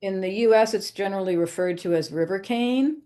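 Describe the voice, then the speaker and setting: A woman's voice: medium pitch, a little fast, warm tone. A woman flutist being interviewed on a podcast, explaining things in an informative, conversational way with occasional ums. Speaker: flutist guest.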